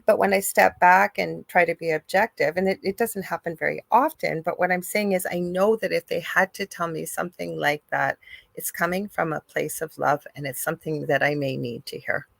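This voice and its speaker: A woman's voice: fairly low pitch, steady tone, normal speed, vocal fry, no echo. A woman co-hosting a casual conversation, speaking earnestly and reflectively.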